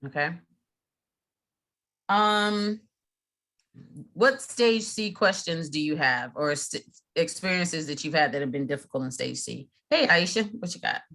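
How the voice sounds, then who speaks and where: Bright-voiced middle-aged woman trainer. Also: sits low, lively intonation, a little slow, long pauses. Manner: chatty, frequent fillers and restarts. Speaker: mediation trainer. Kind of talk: casual training talk.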